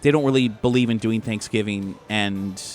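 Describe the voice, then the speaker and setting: A man's voice: on the low side, normal speed, a little mellow, faint music behind, lightly acted. A man voicing a nervous young man who stammers and hesitates, afraid of his father. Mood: anxious.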